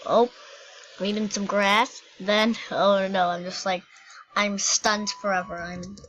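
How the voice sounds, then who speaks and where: A woman's voice: mid-range voice, steady tone, slow, pauses often, a bit bright, muffled recording, slight background noise. A woman giving playful, giggly gameplay commentary as a YouTuber. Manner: playful and giggly, silly jokes. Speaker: gaming YouTuber.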